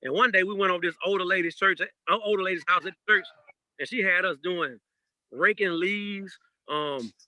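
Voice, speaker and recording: A man, a DJ and a father, telling personal stories in a casual podcast chat, animated and laughing as he goes. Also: sits high, moderate pace, no room sound, rough recording. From Georgia, USA. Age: adult parent. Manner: animated storyteller, laughs through anecdotes. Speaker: guest DJ.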